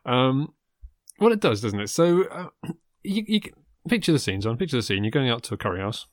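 A man co-hosting a comic chat, playful and halting as he sets up scenes. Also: mid-range voice, big pitch swings, no echo, studio quality. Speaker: podcast co-host.

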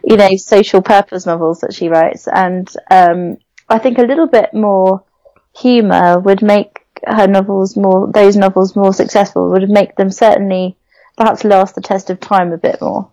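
A woman's voice: medium pitch, steady tone, moderate pace, warm tone, no room sound, rough recording. A young adult woman from England giving frank, opinionated criticism of a novel in a casual chat. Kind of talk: casual book discussion.

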